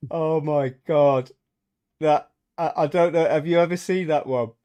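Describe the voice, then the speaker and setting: A man's voice: fairly high pitch, steady tone, slow pace, dark tone, slight background noise. A man hosting a casual podcast chat, retelling comedy scenes and laughing often. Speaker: podcast host.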